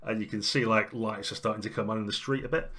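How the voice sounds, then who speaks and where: A man runs a tabletop game as game master, narrating scenes in a chatty manner. His voice sits low but sounds bright and forward. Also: fast. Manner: chatty, laughing, lively narration.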